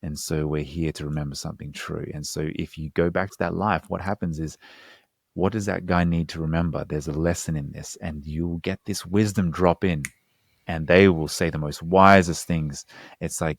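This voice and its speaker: Male therapist guest, low voice, earnest and explanatory, dry close-miked studio sound. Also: steady tone, moderate pace, gravelly, no room sound. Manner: earnest, explanatory, slangy asides. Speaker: hypnotherapist guest. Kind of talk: casual podcast conversation.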